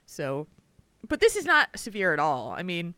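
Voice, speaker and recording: A woman co-hosting a casual podcast chat, animated and quick to laugh, sounding tired from a cold. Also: lowish voice, no room sound. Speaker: podcast co-host.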